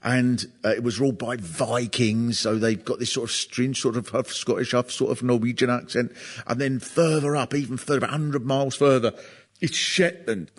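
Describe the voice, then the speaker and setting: Male comedian, husky and animated, spinning comic tales and laughing along as he goes. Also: medium pitch, normal speed. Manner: animated, laughs often at his own stories. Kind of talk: comic storytelling monologue.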